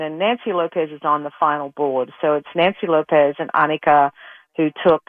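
A woman's voice: sits low, brisk, no room sound. A middle-aged woman, a retired golfer telling her story as an interview guest, rambling with many restarts and getting emotional. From Australia. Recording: tinny dry phone line.

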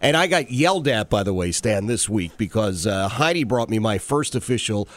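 Male radio host, jokey banter, lively pitch, dry studio sound. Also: moderate pace, dry recording. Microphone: studio mic.

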